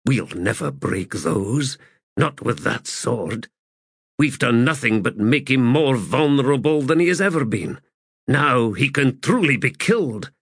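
A man reading the lines of a weary, battered soldier in a plain, gruff voice. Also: mid-range voice, lively intonation, measured pace, a bit bright, no room sound, studio quality, voice pushed up, full character voice.

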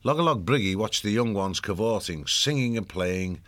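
A man reading a storybook aloud as narrator, in a measured, expressive way. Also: lowish voice, no echo. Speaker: audiobook narrator.

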